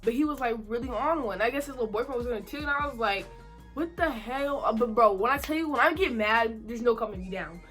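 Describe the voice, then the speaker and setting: Brief: young woman vlogger, a touch high, crisp bright tone, animated slangy storytelling. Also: quick pace, faint music behind. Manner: animated, slangy, repeats herself for emphasis. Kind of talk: casual storytime.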